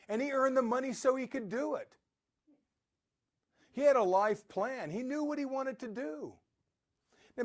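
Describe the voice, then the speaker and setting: A man talks through a motivational podcast in a loose, rambling storyteller's way. His voice sits high and swings widely in pitch. He keeps circling back to his point with plenty of restarts. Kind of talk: motivational talk.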